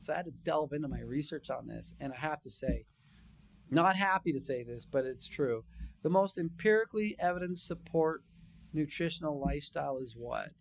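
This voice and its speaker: Gravelly-voiced man lecturing, conversational. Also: a little high, normal speed, a little hiss or hum. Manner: conversational and animated, acting out patients' quotes. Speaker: psychologist giving a training session. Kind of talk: conference lecture.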